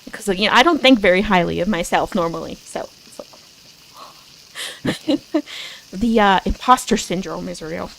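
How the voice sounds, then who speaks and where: A young woman streaming as a VTuber, chatting casually and self-deprecatingly, giggling often and bursting into excited quoted asides. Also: lowish voice, normal speed, creaky, slight background noise, low-quality recording. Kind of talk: casual chat.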